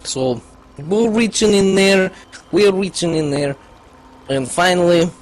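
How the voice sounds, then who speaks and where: A man's voice: high-pitched, slow, a little hiss or hum. A man doing a put-on Russian accent as a crude young storyteller, telling a rambling comic tale in broken English with lots of swearing. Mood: deadpan. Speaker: gaming group regular.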